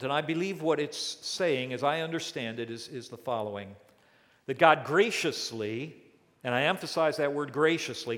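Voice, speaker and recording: Preaching man in a reverberant hall. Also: mid-range voice. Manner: dynamic preaching with emphatic rises and falls. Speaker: pastor. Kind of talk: sermon. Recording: long church reverb.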